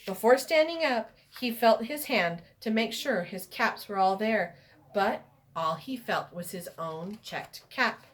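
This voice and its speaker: A woman reading a children's story aloud, expressive and inviting listeners to join in. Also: medium pitch, measured pace.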